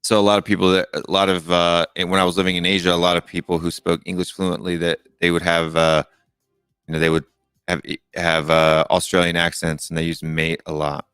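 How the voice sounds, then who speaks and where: A man's voice: sits low, little pitch movement, brisk, a bit bright, clear, resonant tone, dry recording, studio quality. A middle-aged man hosting a live call-in show, chatting casually and rambling with many fillers and restarts. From United States. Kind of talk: casual live-stream chat.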